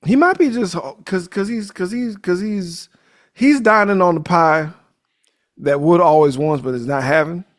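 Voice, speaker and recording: A man's voice: high-pitched, normal speed. A man hosting a podcast, recapping a movie in a casual, jokey, profane way. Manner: animated, profane, jokey storytelling. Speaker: podcast host.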